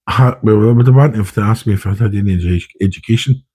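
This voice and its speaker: Brief: middle-aged Scottish army veteran, dark husky tone, rambling candid talk. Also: male voice, fairly low pitch, quick pace. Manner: rambling, with many restarts and "you know". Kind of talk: candid podcast conversation.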